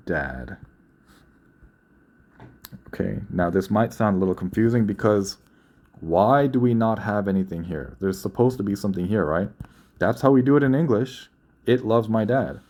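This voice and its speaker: A man's voice: fairly low pitch, warm tone. A young man teaching a grammar lesson, explaining patiently and often repeating or correcting himself. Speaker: Korean language teacher.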